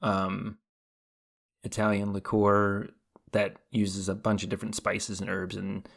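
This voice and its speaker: Low gravelly-voiced man, rambling casually. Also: completely flat delivery, a little slow, a bit bright. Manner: rambling, hesitant, lots of fillers and restarts. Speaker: podcast co-host. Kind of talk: casual chat.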